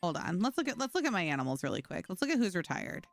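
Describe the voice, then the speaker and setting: This woman streamer talks rapid-fire in a lowish voice with big pitch swings, chatting casually with viewers during gameplay. She tells stories and laughs often, and there's no echo.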